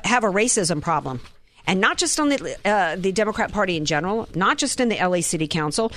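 A woman's voice: medium pitch, a bit bright, no room sound. Woman from the Southern US, political commentator, indignant, rhetorical questions, dry close sound. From Southern United States.

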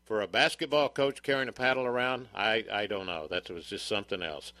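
A man's voice: lowish voice, brisk, pushed and bright, no room sound. An older man hosting a radio talk show, chatting in a rambling, folksy way with plenty of fillers.

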